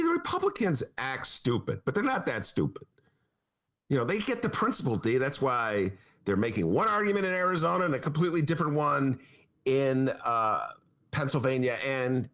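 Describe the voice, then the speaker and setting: A man's voice: on the high side, a bit bright. A man hosting a political talk podcast in a studio, sarcastic and mocking in his banter. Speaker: podcast host. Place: radio studio.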